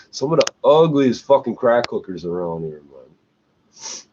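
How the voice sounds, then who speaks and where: A man at an average pitch rants in an angry, sarcastic stream, swearing hard and breaking into laughs between complaints. The recording is muffled and lo-fi, with a faint hiss underneath. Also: very animated, slow pace. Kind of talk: profane ranting monologue.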